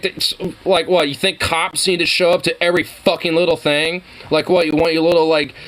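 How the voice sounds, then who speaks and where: Profane ranting young man, higher voice. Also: a bit bright. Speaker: reaction video host. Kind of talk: casual reaction commentary.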